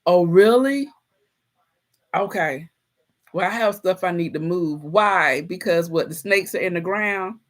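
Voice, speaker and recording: A woman's voice: lowish voice, unhurried. A woman hosting a casual livestream, chatting straight to her viewers and telling stories playfully, often laughing. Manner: animated, playful storytelling with frequent laughter. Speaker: livestream host reading chat.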